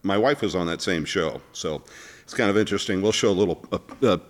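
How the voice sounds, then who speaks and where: Male host, lowish voice, chatty, halting with ums and uhs. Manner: rambling with many fillers, laughs easily. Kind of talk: casual talk-show chat.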